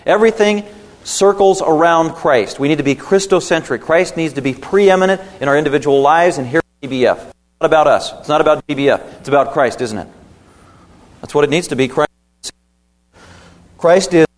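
A man preaching a sermon as pastor, emphatic and fond of rhetorical tag questions, in a church sanctuary. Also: on the high side. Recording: long hall reverb in a church.

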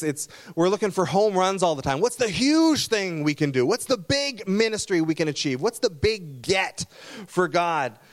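A man pastor preaching a sermon, telling stories in an earnest, conversational way. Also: on the high side. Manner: storytelling, earnest.

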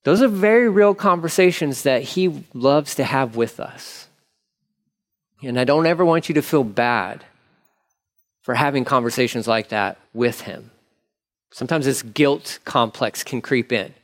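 A man's voice: mid-range voice, unhurried. A man preaching a sermon in a candid, conversational way, acting out prayers as he talks. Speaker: pastor.

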